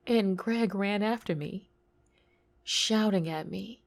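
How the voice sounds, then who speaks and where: A woman with a lisp telling a personal story, intimate and tearful, slipping into whispers and bursting louder. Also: medium pitch, takes it slowly.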